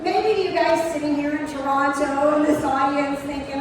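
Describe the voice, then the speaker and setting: High-voiced woman storyteller in echoey hall. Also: normal speed. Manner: animated, chatty, lots of "like" and "you know". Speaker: presenter at an outdoor show. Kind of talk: comic storytelling to a live audience. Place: large exhibition hall. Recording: echoey hall from far off, noisy background.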